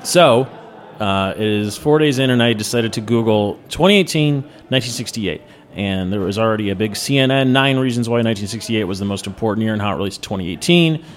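A man's voice: fairly low pitch, lively intonation, fairly quick. A man in his thirties hosting a podcast in casual chat, blunt and opinionated, given to jokey rants. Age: 30s. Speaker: podcast host.

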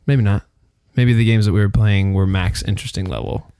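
A man's voice: on the low side, fairly quick, mellow, smooth, no room sound, studio quality. A man co-hosting a casual gaming podcast, rambling and joking with friends. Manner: playful, rambling, jokey. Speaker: co-host.

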